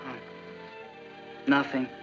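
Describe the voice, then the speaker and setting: An actor playing an earnest, jealous teenage boyfriend who speaks awkwardly in a high, bright voice. The sound is muffled old TV audio with faint music behind him. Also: male voice, slow pace, lightly acted. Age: teen. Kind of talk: 1960s sitcom acting.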